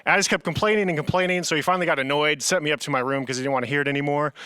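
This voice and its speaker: A man's voice: a little high, fairly even intonation, rapid-fire, sharp tone, clear, resonant tone, no room sound. A young man preaching a casual, earnest youth sermon, often saying "man" to his listeners. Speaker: youth pastor.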